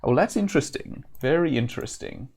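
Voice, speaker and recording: A man's voice: on the high side, lively intonation, brisk, vocal fry, darkish tone. A man voicing a grumpy old retired sailor who sells ships. The sailor speaks in archaic English with a vague put-on old-timey accent. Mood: gruff. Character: gruff old male sailor turned shipwright, scornful.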